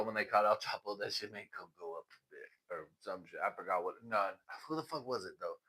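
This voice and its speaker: A man's voice: lowish voice, expressive, a little fast, few pauses, pushed and bright, breathy edge. A man hosting a casual livestream, telling stories with plenty of swearing and laughter. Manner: profane, laughing storyteller. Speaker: livestream host.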